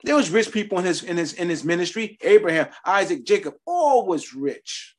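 Husky, emphatic middle-aged male preacher. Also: high voice, expressive, moderate pace. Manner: emphatic, storytelling, repeats phrases. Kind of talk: sermon with personal testimony.

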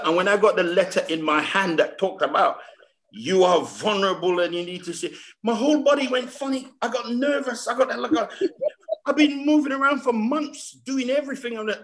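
A man's voice: extremely high pitch, a little fast, fairly bright tone. A man, preaching a sermon over a video call. He repeats words, builds emphasis and keeps asking the congregation questions. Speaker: pastor.

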